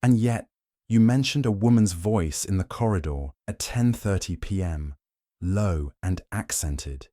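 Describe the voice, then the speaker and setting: A man's voice: low-pitched, a little slow, mellow, no echo, clean studio sound. A man reading the part of a shrewd, stern older Belgian detective who presses his questions in a commanding way. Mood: pressing.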